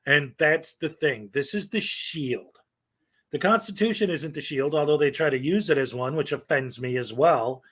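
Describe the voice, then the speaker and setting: A man's voice: on the high side, moderate pace, a bit bright, slightly rough. A middle-aged man giving rambling, opinionated live-stream commentary, full of fillers and short laughs. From United States.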